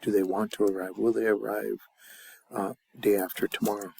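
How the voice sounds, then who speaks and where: A man teaching a language class in a casual way, drilling phrases slowly and chatting loosely between them. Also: fairly low pitch, level tone, creaky, a little mellow.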